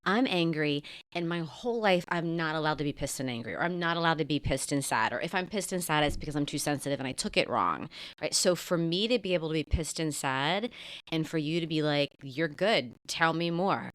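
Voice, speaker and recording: A woman with a notably low voice hosts a podcast conversation and thinks aloud candidly, her sentences full of fillers. The sound is close and dry, with no room echo. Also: lively intonation, a little fast, a bit bright, clean tone. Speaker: podcast host.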